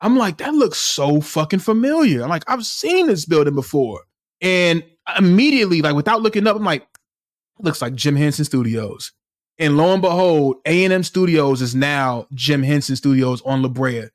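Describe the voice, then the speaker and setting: A man's voice: fairly high pitch, moderate pace, no echo, studio quality. A man co-hosting a podcast in casual chat, telling stories with lots of "like" and frequent laughter. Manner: animated storyteller, laughs often, leans on "like". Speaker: podcast co-host.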